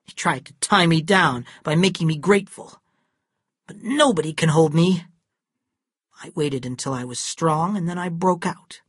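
Narrator putting on a bitter cold woman, curt and cutting, husky and dry, audiobook. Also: low-pitched, normal speed, no echo, pitched above the performer's own voice. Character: cold bitter middle-aged woman with aching hands. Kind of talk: audiobook character voice.

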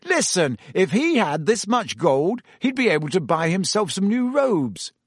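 A man's voice: high-pitched, sing-song, measured pace, slightly rough, dry recording, studio quality, pitched above the performer's own voice, heavily acted. A man reading aloud voices an earnest teenage boy who speaks plainly and asks questions. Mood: puzzled.

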